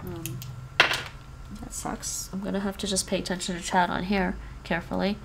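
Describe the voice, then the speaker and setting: In a very noisy recording, a woman with a lowish, creaky voice speaks at a normal speed with a flat delivery. Sniffly from a cold, she laughs often as she repeats words after an app during a casual pronunciation-practice chat on a language-learning livestream.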